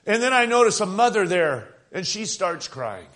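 A man's voice: sits high, sing-song, moderate pace, hardly any pauses, fairly bright tone. An older man preaching a revival sermon, swelling with fervor and acting out quoted voices.

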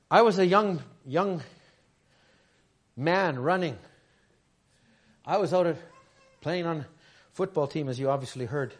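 A middle-aged man preaching a sermon in a high voice. He stumbles and repeats himself as he starts sentences, then builds his points up into shouted lines. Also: animated, unhurried, long pauses. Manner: stammering restarts, rising to shouts.

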